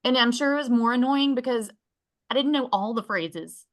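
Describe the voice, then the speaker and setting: A woman in a class chatting casually in a lively, talkative way. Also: a little high, moderate pace. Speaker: class participant. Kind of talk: casual chat.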